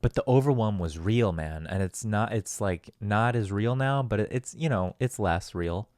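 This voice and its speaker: Low-voiced rambling profane man. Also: normal speed, darkish tone, no echo, clean studio sound. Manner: rambling, profane, self-deprecating, with laughs. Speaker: podcast host. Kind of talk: casual solo podcast monologue.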